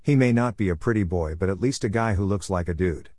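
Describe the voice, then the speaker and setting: A man with a fairly low voice reads group chat messages aloud in turn. He speaks every symbol and abbreviation exactly as written. The recording is dry and close, with no room sound. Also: fast, darkish tone, no echo. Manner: reads each reply literally, symbols and all.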